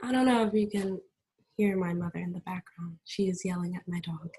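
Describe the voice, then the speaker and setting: A woman's voice: lowish voice, fairly quick, mellow, breathy edge, rough recording. A woman hosting a podcast from home, chatting casually with many fillers and restarts. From United States. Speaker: podcast host. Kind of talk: casual solo podcast talk. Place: at home with family in the background.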